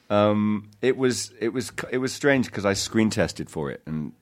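A middle-aged man, an actor telling stories in an interview, halting and self-deprecating with many restarts. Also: fairly low pitch, expressive. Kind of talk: casual interview storytelling.

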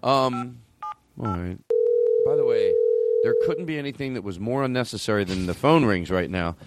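Lively, exasperated male podcast host. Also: mid-range voice, normal speed, very noisy. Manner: animated, exasperated, talks over others. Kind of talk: casual comedy podcast banter.

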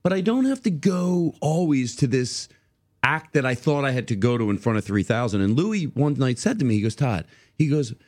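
An animated man in his fifties, his mid-pitched voice swinging up and down as he tells a story. He keeps restarting his sentences and acts out other people's lines in a casual podcast chat. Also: normal speed. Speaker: guest comedian.

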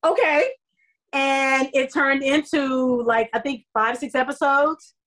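A middle-aged woman, an actress guest on an interview podcast, telling her story in a lively way and acting out the dialogue. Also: high-pitched, slow pace. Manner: animated, acts out quoted dialogue.

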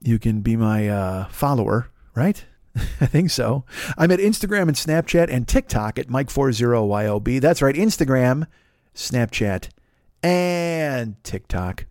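Podcast host, man, profane comic rant, mid pitch, dead-dry booth sound. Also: big pitch swings, measured pace, a little mellow, no room sound. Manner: angry, profane, mocking voices of others.

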